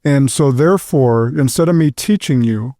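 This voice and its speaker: A man's voice: mid-range voice, moderate pace, mellow, dry recording, clean studio sound. A man on a podcast panel making his point in casual chat, emphatic and repeating words as he builds his argument.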